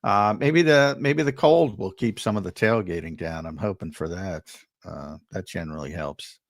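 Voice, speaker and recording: Man, sports co-host, relaxed casual chat, gravelly fry, dry sound. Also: low-pitched, normal speed, no echo. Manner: relaxed, repeats phrases.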